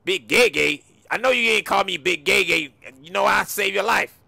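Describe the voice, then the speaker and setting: Gravelly dude hamming it up in game roleplay, bright voice, all over the place, teasing. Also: male voice, high-pitched, moderate pace, no echo. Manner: boastful and teasing, loud street slang. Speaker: gamer in role-play. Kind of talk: playful in-game role-play banter.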